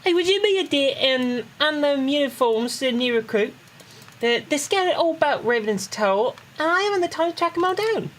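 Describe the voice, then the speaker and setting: A fussy little fantasy clerk chatters in a high, quick Cockney voice, as a woman puts her on. Her pitch bounces around brightly, and there is a faint hiss behind her. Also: animated. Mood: bustling. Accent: put-on Cockney. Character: brisk little female Lalafell clerk, fussy.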